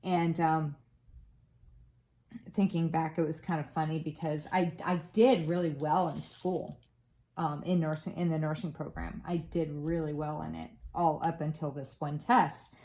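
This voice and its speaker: Chatty woman with a low-ish voice. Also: little pitch movement, measured pace, mellow. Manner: rambling storyteller with many fillers. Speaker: crafting vlogger. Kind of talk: casual chat.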